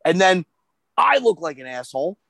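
A man telling a story in casual chat, animated and profane, acting out the voices of the people he quotes. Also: on the high side, moderate pace, gravelly, dry recording.

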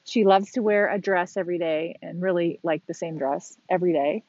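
A woman's voice: fairly low pitch, steady tone, a little fast, a little mellow, no room sound. Frank, exasperated woman venting on a podcast. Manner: candid and exasperated, venting with mild swearing. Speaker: podcast host. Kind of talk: casual solo monologue. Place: outdoors on a beach. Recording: dull, slightly lo-fi sound.

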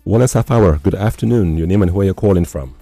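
A man hosting a radio health talk show, speaking in a measured way and often repeating and summing up his guest's points. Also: low-pitched, dark tone, faint music behind. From Nigeria. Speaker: radio host.

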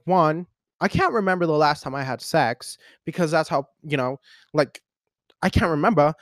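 A man in his twenties hosting a podcast, telling a personal story in a casual, animated, rambling way with lots of fillers. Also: on the high side, moderate pace, no echo, studio quality. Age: 20s. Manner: animated, rambling, heavy use of "like". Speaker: podcast host.

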